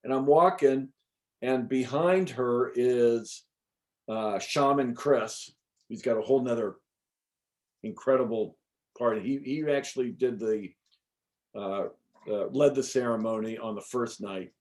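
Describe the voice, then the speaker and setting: A middle-aged man, an interview guest, telling a personal story in a casual, animated way with many fillers and the odd swear word. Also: mid-range voice, unhurried. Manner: animated, chatty, frequent fillers and restarts. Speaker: interview guest recounting an experience.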